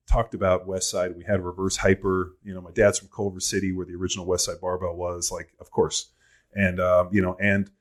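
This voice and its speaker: A middle-aged man hosting a casual podcast chat, telling stories in a blunt, profane way. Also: low voice. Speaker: podcast host.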